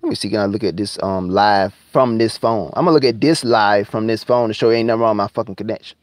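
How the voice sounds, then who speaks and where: A man ranting angrily and profanely on his live stream, repeating himself and sometimes drawling words out slowly. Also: fairly low pitch, no echo. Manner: heated, profane, repetitive, drawling slowdowns. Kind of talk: angry conspiracy rant on a live stream.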